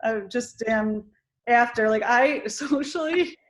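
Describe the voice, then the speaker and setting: Young woman, slightly high voice, hesitant and word-searching, casual group talk. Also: slow. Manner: hesitant, searching for words, laughs at herself. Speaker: support group member.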